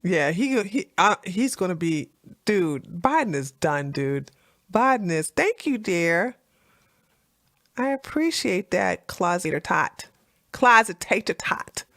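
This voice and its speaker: A woman hosting a casual political chat livestream, animated and laughing, with lots of fillers and restarts. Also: fairly low pitch, slow pace, no room sound, studio quality. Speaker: livestream host.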